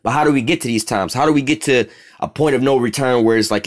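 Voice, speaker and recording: A man's voice: mid-range voice, quick pace. A man teaching scripture in a loose street style, profane and rambling, constantly checking in with "all right?".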